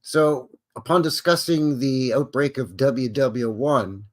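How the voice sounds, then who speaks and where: Reading an article on his live stream, this male host speaks slowly at a mid-range pitch. His commentary wanders into loose, casual tangents full of filler words.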